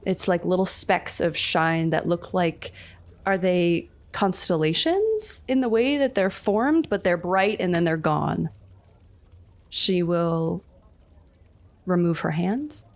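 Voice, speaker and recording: A woman describing her character's actions in a tabletop game, soft-spoken and unhurried. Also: fairly low pitch. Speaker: player. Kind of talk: tabletop role-play narration.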